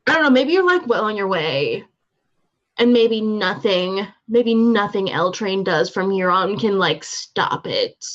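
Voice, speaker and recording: A woman's voice: mid-range voice, lively intonation, unhurried. A woman narrating a tabletop game as game master, casual and hesitant with lots of filler words, on a dull lo-fi recording.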